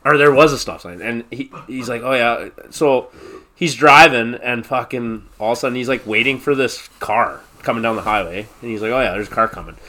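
Bright-voiced man telling a rambling story. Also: medium pitch, fairly quick. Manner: rambling, heavy swearing, laughs through the story. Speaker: guest. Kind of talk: casual storytelling chat.

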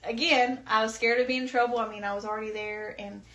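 A woman's voice: a little high, steady tone, fast, sharp tone, reverberant. Chatty woman telling a personal story. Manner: chatty, many fillers, emotional and faith-filled. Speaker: podcast guest.

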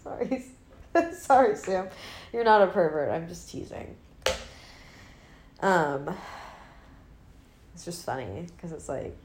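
A woman's voice: fairly low pitch, expressive, measured pace, long pauses, darkish tone. A young adult woman hosting a podcast alone, chatting casually and rambling in a joking, self-mocking way. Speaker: podcast host. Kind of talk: casual solo chat. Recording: roomy with faint hiss.

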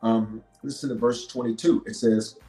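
A man's voice: mid-range voice, steady tone, moderate pace. Emphatic preaching man, roomy echo. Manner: emphatic preacher with big swings from loud to hushed; repeats key lines for emphasis. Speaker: bishop. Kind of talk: preaching a leadership sermon. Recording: roomy echo with faint music.

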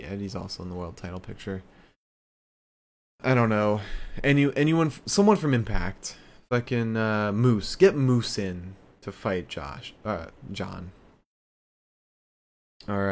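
A man giving a casual wrestling recap, rambling with many fillers and frequent swearing. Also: lowish voice.

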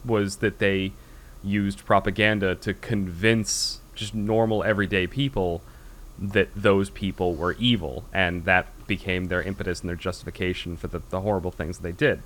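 An American man with a fairly low voice hosts a casual podcast chat. He rambles along with plenty of fillers and restarts as he works toward his point. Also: steady tone, moderate pace, fairly bright tone. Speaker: podcast host.

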